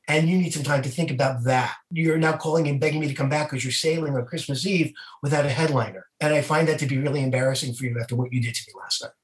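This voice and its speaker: A man from New York, a comedian, spins his road stories with animated energy. His voice sits fairly high for a man, and the room gives it a noticeable echo. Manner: animated, lively storyteller. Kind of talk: storytelling in an interview. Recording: roomy echo.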